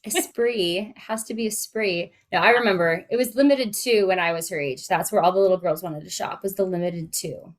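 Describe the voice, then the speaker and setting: A woman's voice: fairly low pitch, a little fast, hardly any pauses. A woman in her late thirties, a life coach co-hosting a podcast, chatting candidly with plenty of fillers. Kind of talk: casual podcast chat.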